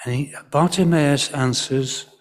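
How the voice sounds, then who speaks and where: Slow, higher-voiced preacher in a reverberant church. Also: male voice. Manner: gentle storyteller, leading the congregation in call-and-response. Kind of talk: storytelling sermon at an all-age church service. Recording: long church hall reverb.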